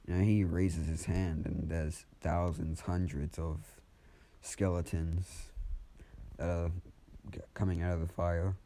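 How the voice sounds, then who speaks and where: A man improvising a fan story out loud in a casual, rambling way, with many restarts and some swearing. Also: deep voice, flat delivery, slow pace.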